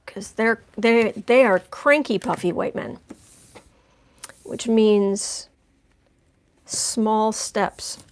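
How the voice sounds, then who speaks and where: A woman's voice: mid-range voice, extremely slow, pauses often. A woman giving a chatty live-stream tarot reading, making wry asides as she lays out cards. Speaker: tarot reader.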